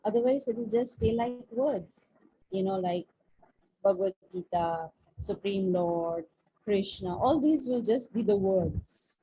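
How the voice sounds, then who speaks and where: Mellow-voiced woman teaching scripture. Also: medium pitch, unhurried, husky, rough recording. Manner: conversational, storytelling with frequent "you see". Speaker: spiritual teacher. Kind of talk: class on scripture over video call. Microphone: video call.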